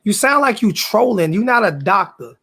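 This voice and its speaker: A man's voice: sits high, big pitch swings, normal speed, vocal fry, bright, forceful tone, husky. A man who is a sports YouTuber, ranting back at his live chat. He is confrontational, repeats himself, and swears in heavy slang. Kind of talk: live-stream rant to chat.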